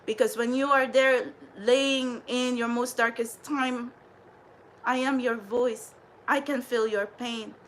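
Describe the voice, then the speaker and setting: A woman's voice: a little high, steady tone, takes it slowly, slight background noise, low-quality recording. A woman hosting a spiritual livestream, ranting in a profane, defiant and rambling way.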